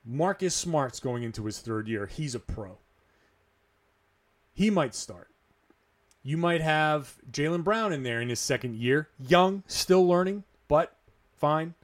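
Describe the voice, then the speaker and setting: A man hosting a podcast on his own, talking casually and emphatically as he answers listener questions, repeating his key points. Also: on the high side. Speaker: podcast host.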